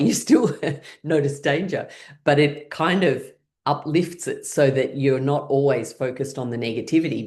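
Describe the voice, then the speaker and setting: A middle-aged woman leading a laughter session over a video call, playful and cheerful, breaking into laughter and high whoops. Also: a little mellow. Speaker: laughter yoga leader.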